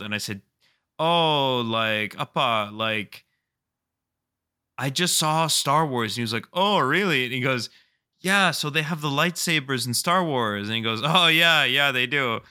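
A man co-hosting a podcast, telling stories in casual chat in an animated way, swearing freely and often laughing mid-story. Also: mid-range voice, clean tone. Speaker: podcast co-host.

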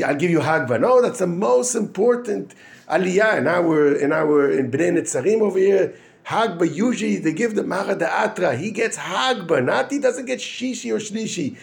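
Man, rabbi, informal Torah talk; high voice with gravel, halting, mixes Hebrew terms into English. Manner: halting, with frequent restarts and fillers; asks and answers his own questions. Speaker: yeshiva rabbi giving a weekly Torah talk.

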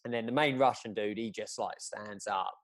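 A man chats casually, retelling a story in long rambling runs full of "uh" and restarts. His voice sits a little low, and the recording is close and dry with no room sound. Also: normal speed, no echo. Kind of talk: casual chat.

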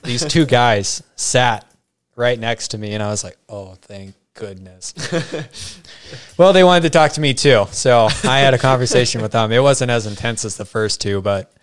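Young man, from Arizona, casual storytelling, quoted voices, quick laughs, middling pitch. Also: clean tone. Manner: animated anecdote with quoted voices and frequent laughs. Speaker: storyteller in a podcast chat. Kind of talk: casual chat.

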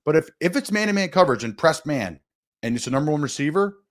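A man who once played pro football, talking as a guest on a sports radio show and stressing his points with big jumps in pitch. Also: expressive, fast talker. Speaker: guest, former NFL player. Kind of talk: casual sports radio talk.

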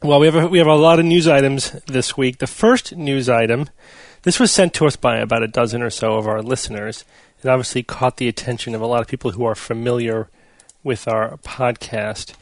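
A man's voice: medium pitch, fairly quick, no room sound. Man hosting a science podcast. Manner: steady, explanatory storytelling. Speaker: podcast host. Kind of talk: casual panel chat.

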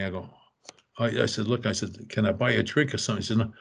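This older male storyteller guest has a lowish, slightly rough voice with vocal fry and talks fast. His anecdotes are casual and animated, complete with acted-out voices of the people in them.

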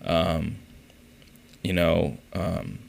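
A man with a very low voice and a rough, gravelly edge talks on a solo podcast. He rambles through profane, exasperated stories in a loose, casual way. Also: expressive, extremely slow, darkish tone. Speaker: podcast host.

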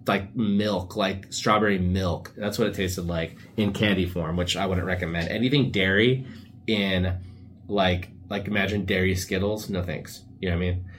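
A man's voice: sits low, steady tone, moderate pace, a bit bright, slight background noise. A young man hosting a casual solo podcast, rambling through laid-back stories full of slang and asides. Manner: often drops into silly put-on voices for quotes. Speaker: podcast host.

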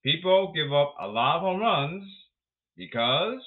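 A man's voice: on the high side, big pitch swings, a little slow, breathy edge. A man giving a sarcastic, ranting talk about baseball, emphatic and blunt. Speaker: baseball commentator. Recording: tinny phone-like audio.

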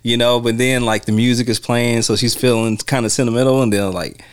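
A man's voice: mid-range voice, brisk, smooth. A man hosting a film podcast, chatting casually and acting out quotes as he retells scenes. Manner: animated retelling, acts out quotes. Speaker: podcast host.

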